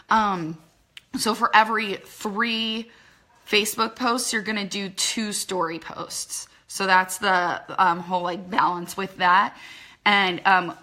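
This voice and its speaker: A woman giving a casual live-stream tutorial on using social media for business, talking into a phone in quick, chatty bursts full of fillers. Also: medium pitch, pushed and bright.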